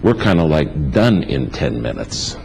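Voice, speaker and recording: A man's voice: very deep voice, sing-song, a little slow, vocal fry, darkish tone, slight background noise, poor audio. A man preaching a sermon in a church, telling stories with emphatic repetition. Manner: emphatic, builds lists with repetition. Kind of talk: storytelling sermon.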